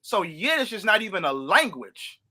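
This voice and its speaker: Sharp, high-voiced, confrontational man. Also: big pitch swings, moderate pace. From St. Louis, USA. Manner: confrontational, repeats himself, laughs at opponent. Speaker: podcast host. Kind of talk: heated religious debate.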